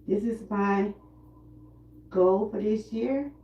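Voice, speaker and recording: A woman with a Southern US accent who runs a wellness vlog. She talks in a slow, heartfelt way while doing seated cardio. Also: mid-range voice, echoey room, dull audio. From Georgia, US. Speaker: wellness vlogger. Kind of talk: live-stream talk during seated cardio.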